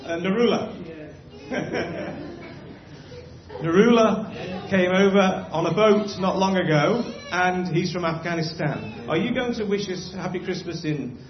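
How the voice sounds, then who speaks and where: A man's voice: high-pitched, lively intonation, unhurried, echoey room. A man leading a church prayer, then hosting a gathering with encouraging remarks. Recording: dull lo-fi with faint hiss.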